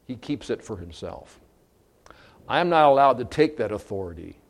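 A man's voice: medium pitch, very animated, normal speed. Earnest male preacher mid-sermon. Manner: earnest, with fillers and restarts. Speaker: pastor.

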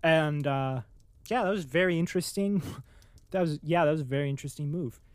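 A speaker reading a chapter of a classic novel aloud, then chatting about it casually and excitedly, with lots of "like"s and acted-out reactions. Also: mid-range voice, a little fast, no room sound. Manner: excitable, many filler "like"s, acts out its own reactions.

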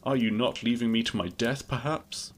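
A man's voice: mid-range voice, normal speed, voice pushed up, lightly acted. A man reading a reproachful young prince. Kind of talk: storybook reading.

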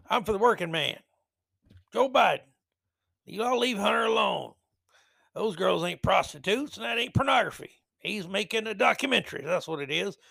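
A man voicing a rambling, folksy old male politician with a raised pitch. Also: vocal fry, pushed and bright, no room sound, studio quality, exaggerated voice.

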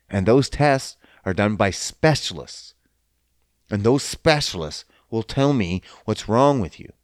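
A man's voice: fairly low pitch, lively intonation, measured pace, dry recording, studio quality. A man in a casual, profane rant who swears often and slips into mocking voices. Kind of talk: casual ranting monologue.

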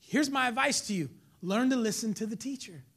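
A man preaching a sermon as pastor, swinging between loud emphatic lines and hushed whispers while acting out members of the congregation. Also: extremely high pitch, lively intonation, brisk, vocal fry, husky.

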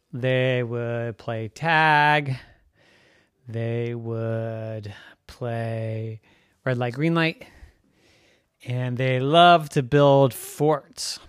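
A man's voice: clean tone, no room sound, studio quality. A man telling an improvised bedtime story in a playful way. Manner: playful, slow and lively, jumping up high for excited children's voices.

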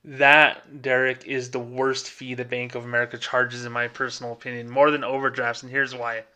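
A former bank employee who co-hosts a podcast tells a story casually, acting out the other people's lines as he goes in an animated retelling. His voice is medium-pitched and smooth at a normal speed.

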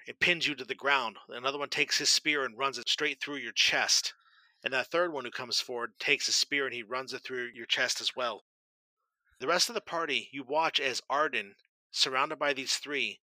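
A man's voice: mid-range voice, no room sound, low-quality recording. A man narrating a tabletop game as game master, describing the action and calling for rolls. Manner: steady, descriptive narration with brisk rule calls.

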